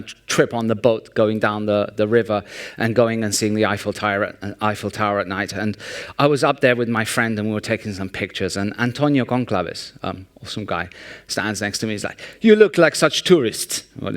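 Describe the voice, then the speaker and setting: A man giving a humorous, sarcastic conference talk in a large hall, telling jokes and anecdotes in a lively storytelling way. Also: lowish voice, clear, resonant tone. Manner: sarcastic, joking, animated storytelling. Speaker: conference speaker.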